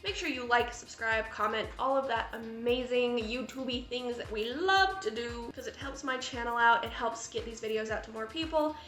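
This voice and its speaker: A woman's voice: on the high side, moderate pace, few pauses, fairly bright tone. A woman reviewing a horror film in a gushing, chatty vlog style, full of fillers. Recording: echoey room with faint music.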